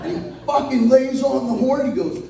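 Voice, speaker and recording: A man's voice: very high-pitched, expressive, moderate pace, vocal fry, crowd noise, background noise. A man giving a profane, comic eulogy at a memorial gathering, acting out the voices of the people in his stories. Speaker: eulogy speaker. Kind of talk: storytelling at a memorial. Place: hall at a celebration of life. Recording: echoey hall from far off.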